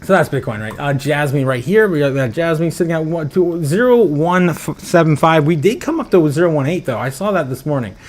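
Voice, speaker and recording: Man, livestream host, casual chat, chuckly, rambling, a bit high-pitched. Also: animated, brisk, hardly any pauses. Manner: chuckly, rambling, frequent laughs and restarts. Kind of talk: casual livestream chat reading viewer comments.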